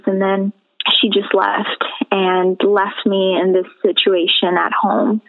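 A woman from the Caribbean, a guest on a radio interview, telling her personal testimony in an earnest, measured way over a phone line. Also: mid-range voice. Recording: tinny phone-line audio.

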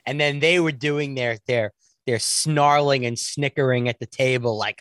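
A man in his forties telling a story in casual talk, animated and often restarting his sentences. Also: mid-range voice, moderate pace, dry recording, studio quality. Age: 40s.

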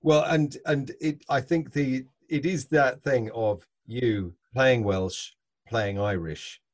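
A man's voice: mid-range voice, fairly even intonation, takes it slowly. A man hosting an interview, asking questions and chuckling, hesitant with many restarts. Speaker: podcast host. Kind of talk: casual interview chat.

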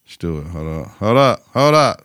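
A man's voice: deep voice, big pitch swings, normal speed, a bit bright, no room sound, studio quality. A man hosting a podcast, recapping a TV episode in loose, slang-heavy casual chat with repeated catchphrases.

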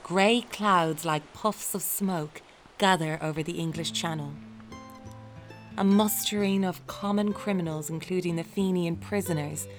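A woman narrating a historical story in a measured, dramatic way. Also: fairly low pitch, steady tone, soft background music.

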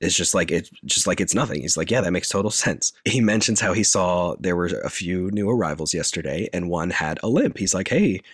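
Very low-voiced man recapping a film. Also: a little fast, hardly any pauses, slightly rough, no room sound, studio quality. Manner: retells scenes in deadpan detail, filler-heavy. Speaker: podcast co-host recapping a film. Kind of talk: casual chat.

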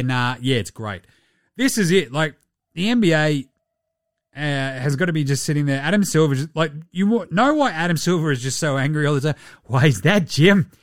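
A man's voice: fairly high pitch, dry recording, studio quality. An Australian man hosting a podcast, chatting casually and rambling with plenty of swearing and jokes. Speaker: podcast host. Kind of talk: casual sports chat.

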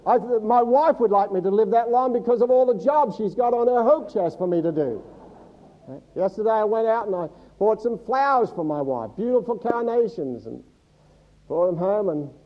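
In a church service, a male pastor preaches to his congregation, teaching from the Bible and quizzing listeners with humorous asides. His voice is high with lively intonation, delivered at normal speed, though the recording sounds muffled.

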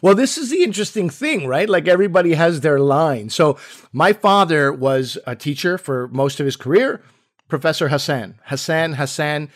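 A man co-hosting a podcast, chatting casually and telling animated stories where he acts out other people's lines. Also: on the high side, moderate pace. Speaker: podcast co-host.

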